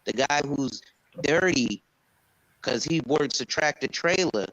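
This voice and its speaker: A man's voice: a little high, animated, slow, fairly bright tone, no room sound, low-quality recording. A man who sells insurance, talking casually on an open panel and acting out conversations he has had. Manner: storytelling, acts out quoted conversations. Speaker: insurance agent and panel speaker.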